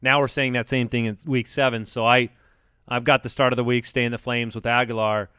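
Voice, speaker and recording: A man's voice: medium pitch, little pitch movement, brisk, sharp tone, clean tone, dry recording, studio quality. A man hosting a casual sports podcast, upbeat and steering the talk from topic to topic. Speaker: podcast host.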